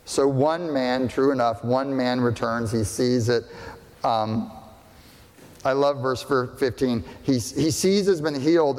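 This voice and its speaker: A man preaching a sermon as pastor, deliberate and questioning, often checking that listeners follow. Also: medium pitch, a little mellow. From family partly German and partly English. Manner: slow, deliberate, asks the congregation questions. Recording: long hall reverb.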